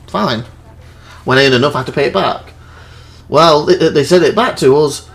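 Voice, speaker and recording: A man's voice: medium pitch, moderate pace, long pauses, fairly bright tone. A young man hosting a let's play, rambling through anecdotes and acting out quotes with laughs. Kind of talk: casual chat over gameplay.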